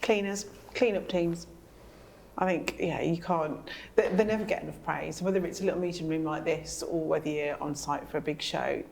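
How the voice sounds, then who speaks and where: A woman with a low, gravelly voice co-hosts a podcast. She speaks earnestly and with appreciation, recorded in a small meeting room with faint ambience. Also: steady tone, moderate pace, a little mellow, a little hiss or hum. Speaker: podcast co-host. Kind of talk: casual conversation.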